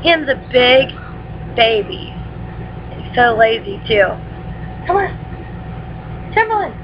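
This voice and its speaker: A woman's voice: on the high side, background noise. A woman chatting casually in a home vlog, recorded on a laptop webcam at night and slipping into baby talk with her dog. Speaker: mother and vlogger. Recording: dull lo-fi webcam audio with music behind.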